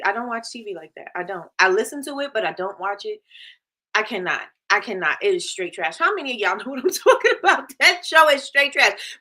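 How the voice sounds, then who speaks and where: A woman with hosts a casual live chat in a bright voice that has some edge. She sounds animated and opinionated and talks straight to her viewers. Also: mid-range voice. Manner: animated, opinionated, says "trash" again and again. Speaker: host.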